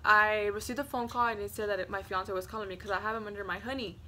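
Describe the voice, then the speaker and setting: A woman in her twenties, a vlogger telling a story to camera in a rambling, casual way, full of "like" fillers, hushing at the scary parts. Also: medium pitch, steady tone, fast, slight background noise.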